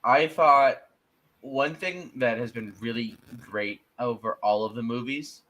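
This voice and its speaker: A man co-hosting a casual podcast chat, excitable and quick to act out his reactions with big jumps in his voice. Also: medium pitch. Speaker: podcast co-host.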